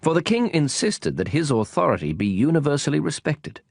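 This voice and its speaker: Casting: male audiobook narrator, calm, expressive reading, dry close sound. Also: a little high, a little fast, creaky, dry recording.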